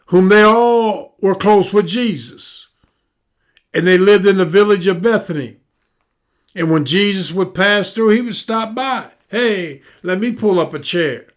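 A man pastor preaching a podcast sermon, building emphasis through repetition and dropping to a soft, low voice for prayer.

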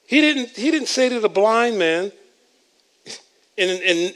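Preacher guy, kinda high voice, keeps repeating words, goes loud then quiet. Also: lively intonation, takes it slowly, pauses often. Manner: repeats words and restarts, swings between loud emphasis and quiet asides. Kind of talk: sermon.

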